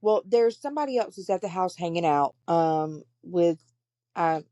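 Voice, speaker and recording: A woman's voice: fairly low pitch, expressive, normal speed, dark tone, no room sound. A woman hosting a podcast, telling her story candidly and bluntly, with plenty of profanity. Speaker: podcast host. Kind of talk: casual storytelling chat.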